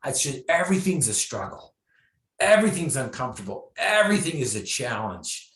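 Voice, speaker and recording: In an echoey room, a man tells his story as a motivational speaker, stressing his points and repeating key phrases for effect. His medium-pitched voice swings widely in pitch, brisk and a bit bright.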